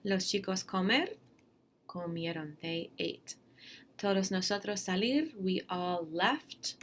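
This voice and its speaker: Gravelly, low-voiced woman teaching. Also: measured pace, fairly bright tone, slight background noise. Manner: chatty, encouraging, plain-spoken. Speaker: Spanish teacher. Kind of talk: recorded slide lesson.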